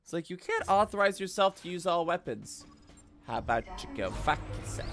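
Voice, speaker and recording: A man streaming a video game, giving excitable, jokey commentary and swearing often. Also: sits high, a little fast, faint music behind. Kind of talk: casual gaming commentary.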